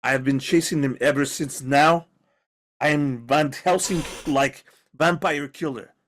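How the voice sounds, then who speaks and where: Boastful action-hero vampire hunter, mock German accent, slow and stilted, voiced by a man. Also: on the high side, fairly bright tone, a little hiss or hum. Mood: determined.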